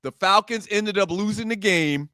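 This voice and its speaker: A man's voice: sits high, moderate pace, bright, forceful tone, clean tone, dry recording. A man co-hosting a sports talk show, laying out a story and breaking into incredulous outbursts.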